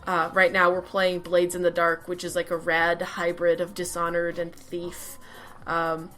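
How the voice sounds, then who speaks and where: Woman podcast co-host, bright, excitable and swearing, faint music under her. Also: lowish voice, unhurried. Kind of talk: casual gaming chat. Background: faint background music.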